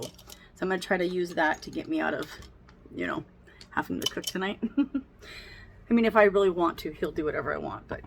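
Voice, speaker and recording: Doing her makeup at home, a woman beauty vlogger rambles casually through a get-ready-with-me chat, laughing often. Her voice sits on the low side and is creaky, with slight background noise.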